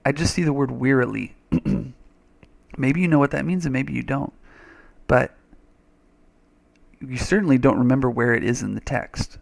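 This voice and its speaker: A man's voice: medium pitch, vocal fry. A man teaching a reading lesson over a screen recording, chatty and thinking aloud, with little playful sound effects.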